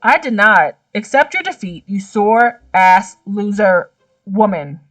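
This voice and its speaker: Smug competitive young guy, slow and teasing, voiced by a woman, mic at a distance. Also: medium pitch, expressive, fairly bright tone, no room sound, faint music behind. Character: smug, competitive young man with a mean streak.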